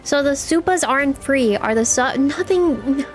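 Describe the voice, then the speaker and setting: A woman's voice: sits high, expressive, measured pace, faint music behind. A young woman streaming a game live, chatting with her viewers in a playful, teasing way.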